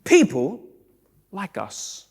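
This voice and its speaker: A male pastor preaching a sermon in a church, animated, acting out the people he quotes and rising to shouts. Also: sits high, very slow, gravelly, husky. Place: church sanctuary.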